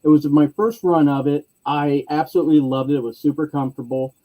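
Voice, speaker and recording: A man telling a convention story in casual chat, lively, acting out other people's lines in varied voices. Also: a little high, brisk, rough recording.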